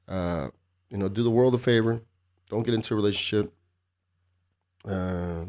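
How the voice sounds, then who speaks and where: A man's voice: on the low side, darkish tone. A man hosting his own podcast solo, chatting casually in a profane, rambling, sarcastic way. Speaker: podcast host.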